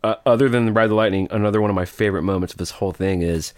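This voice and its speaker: A man co-hosting a podcast in casual chat, animated, swearing casually and laughing often. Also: on the low side, racing, smooth, dry recording, studio quality. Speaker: podcast co-host.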